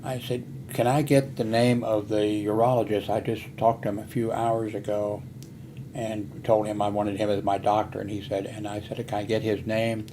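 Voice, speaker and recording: A man's voice: fairly low pitch, flat delivery, normal speed, noisy background. An older man who is hard of hearing, telling a meandering personal story full of fillers and restarts. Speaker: vlogger.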